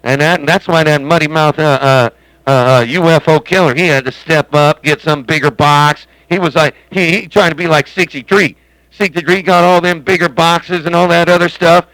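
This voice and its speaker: Dry-voiced rambling CB radio host. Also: male voice, a little high, steady tone, normal speed, fairly bright tone, no echo, low-quality recording. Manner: rambling, joking, folksy. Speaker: CB radio operator and stream host. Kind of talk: casual radio chat. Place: home radio base station.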